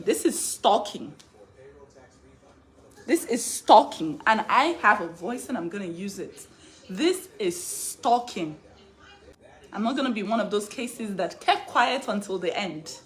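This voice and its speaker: A woman giving an emotional personal statement as a mother, talking emphatically and repetitively and building to raised anger. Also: medium pitch. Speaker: mother speaking out in a posted video.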